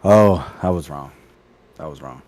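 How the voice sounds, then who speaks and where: A man's voice: deep voice, measured pace, a little mellow. A man co-hosting a podcast in casual chat, joking and teasing and laughing often. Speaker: podcast co-host.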